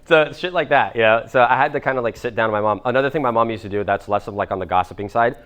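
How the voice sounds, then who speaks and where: A man's voice: medium pitch, racing, fairly bright tone. A man in his twenties, a business coach answering audience questions, talking casually with lots of fillers and swearing. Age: 20s. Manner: acts out others' voices in quoted dialogue. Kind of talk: live coaching Q&A.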